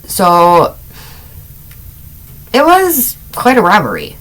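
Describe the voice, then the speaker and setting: A woman's voice: mid-range voice, huge pitch swings, slow pace, fairly bright tone, low-quality recording. A middle-aged woman hosting a casual crime podcast, telling stories with chatty asides and amused laughs. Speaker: podcast host.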